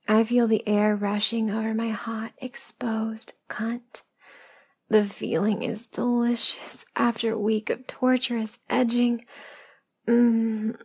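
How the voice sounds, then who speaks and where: A woman narrating a first-person story as a whispered role-play, in a slow, hushed storytelling manner. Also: medium pitch, slightly rough. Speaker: erotic audio narrator.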